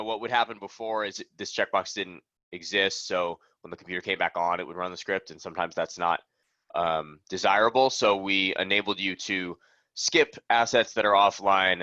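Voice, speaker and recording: A man with a lowish but bright, forward voice talks through product updates in a relaxed, rambling webinar style, scattering ums and likes as he goes. The sound is dry and close, with a slightly dull, lo-fi quality. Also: no echo. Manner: loose, chatty, lots of ums and likes. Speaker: product presenter. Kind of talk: casual webinar walkthrough.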